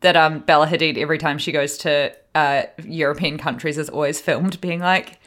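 A young woman from New Zealand co-hosting a podcast in casual chat, animated and laughing, often mimicking accents. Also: deep voice, moderate pace, hardly any pauses. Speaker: podcast co-host.

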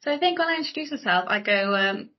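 A woman's voice: mid-range voice, animated, fast. A woman from North Wales, co-hosting a podcast in casual chat, giggly and self-conscious. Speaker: podcast host. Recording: dull lo-fi podcast audio.

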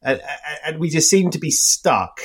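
A man's voice: on the high side, very animated, normal speed, slightly rough. A man in a casual podcast chat, talking emphatically and often saying "mate" and "you know".

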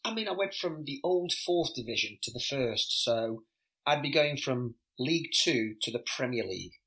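A middle-aged former footballer, a man, telling animated anecdotes in a casual podcast interview, often stammering and repeating words. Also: medium pitch, moderate pace, low-quality recording.

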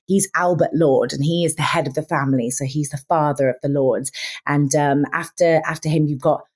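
An actress chatting in an interview, her voice sitting low for a woman. She gushes with warm superlatives and piles up enthusiastic praise. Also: fairly even intonation, a little fast, husky. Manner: gushing, enthusiastic, effusive. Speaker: actress guest. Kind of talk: casual interview chat.

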